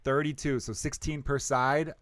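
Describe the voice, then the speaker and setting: A man from the Chicago area hosting a podcast, chatting casually and joking with quick asides. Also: medium pitch, little pitch movement, fairly bright tone, no room sound. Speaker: podcast host.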